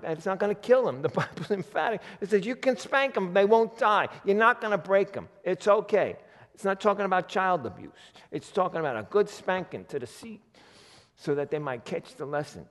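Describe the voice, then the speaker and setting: Folksy male pastor, lively sermon delivery, a bit high-pitched, reverberant hall. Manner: animated, folksy, acts out God's voice in quotes.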